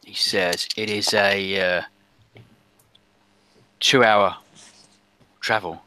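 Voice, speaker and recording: A man narrating as game master of a tabletop role-playing game, halting, with many fillers. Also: on the low side, level tone, bright, forceful tone, slight background noise.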